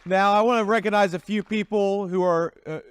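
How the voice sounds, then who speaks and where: A man's voice: high-pitched, fairly even intonation, a little fast, clean tone, no echo. Guy doing a campaign rally speech, folksy, lots of restarts, dry close sound. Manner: folksy, repetitive, with frequent restarts. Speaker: political candidate at a rally.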